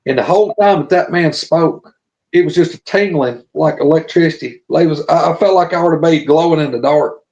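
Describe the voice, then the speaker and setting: A man's voice: fairly high pitch, brisk, darkish tone. A man telling a long personal story in a folksy, earnest way on a casual live show. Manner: folksy, earnest, drawling testimony. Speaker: podcast guest telling his story. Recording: dull lo-fi audio.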